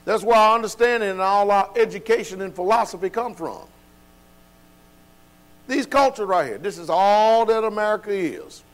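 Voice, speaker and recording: A man teaching a Bible study in an emphatic preaching cadence. His voice sits fairly high, and he keeps asking his listeners rhetorical questions. A low electrical hum runs under the recording. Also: expressive, normal speed. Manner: informal speech with dropped verbs.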